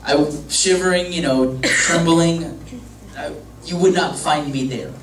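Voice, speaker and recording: A man's voice: fairly high pitch, takes it slowly, a crowd in the background. A young man, a youth pastor, telling a story to a youth group in a casual, joking, rambling way. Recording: echoey room from far off, faint hum.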